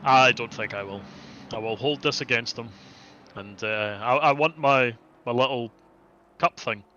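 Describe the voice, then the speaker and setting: A man's voice: medium pitch, measured pace, sharp tone, highs cut off, slight background noise. A man co-commentating on an online sim race, with dry, teasing humour and mock outrage.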